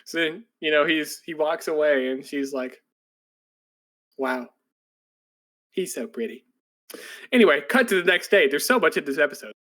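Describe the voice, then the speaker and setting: A man with a slightly raised voice talks through a story in a loose, rambling way. He leans on "like" constantly while chatting on a podcast. When he quotes characters, he jumps into excitable, breathless put-on voices. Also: a little high, quick pace, hardly any pauses. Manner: rambling, filler-heavy storytelling with many "like"s. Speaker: podcast co-host. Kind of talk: casual chat retelling an anime plot.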